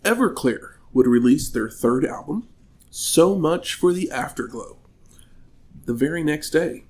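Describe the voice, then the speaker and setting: A man's voice: on the high side, animated, measured pace, a little mellow. A man co-hosting a podcast in a casual chat, reading out history facts and adding dry remarks. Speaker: podcast co-host.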